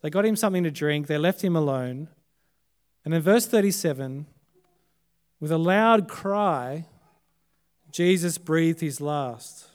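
An Australian man preaches a Good Friday sermon in a high, smooth, resonant voice. He builds phrases up with emphasis, then lets them fall away almost to a hush. The delivery is dramatic and deliberate. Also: lively intonation. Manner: dramatic, swinging between loud emphasis and hushed, quiet phrases. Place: church service.

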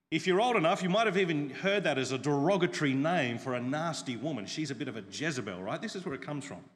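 A male pastor preaching a sermon, retelling a story with lively humor and asking the congregation questions. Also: a little high, big-room sound.

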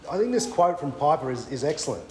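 A man's voice: a little high, big pitch swings, fast talker, a little mellow, reverberant, slight background noise, rough recording. An Australian man preaching a sermon at a weekend away, conversational, with frequent fillers and restarts. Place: church weekend away venue.

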